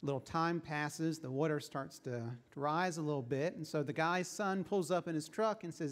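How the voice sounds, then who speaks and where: A man's voice: on the high side, normal speed, few pauses. A male pastor giving a sermon in a conversational storytelling way, then leading a prayer and reading scripture.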